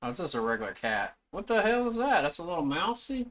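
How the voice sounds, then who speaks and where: Male streamer, profane off-the-cuff reaction commentary, lively pitch, forceful bright tone. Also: fast. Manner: profane, blurting reactions to clips.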